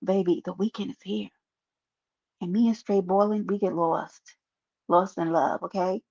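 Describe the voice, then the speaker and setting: Gravelly, joking New woman streamer. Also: mid-range voice, fairly even intonation, moderate pace, darkish tone. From New York. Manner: playful, joking, talks straight to her chat. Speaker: livestreamer. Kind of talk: casual live stream chat. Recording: muffled lo-fi stream audio.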